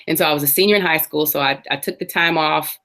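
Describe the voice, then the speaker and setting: Guest, woman in her forties, low, warm-toned speaker, earnest and reflective, telling her life story. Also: fast. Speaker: interview guest. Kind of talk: personal testimony in an interview.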